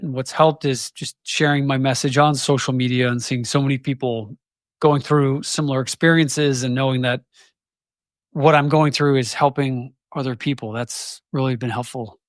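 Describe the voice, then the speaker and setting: A man in his forties speaking candidly as an interview guest, reflective and halting, often restarting sentences. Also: mid-range voice, no echo, clean studio sound. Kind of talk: candid conversation.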